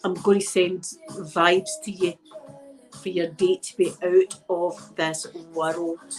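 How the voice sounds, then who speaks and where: A woman's voice: lowish voice, little pitch movement, takes it slowly, a little mellow, faint music behind, rough recording. A Scottish woman who is a bit drunk, hosting a channel and chatting casually with viewers in a frank, rambling way. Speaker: ASMR channel host. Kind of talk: casual live chat with viewers.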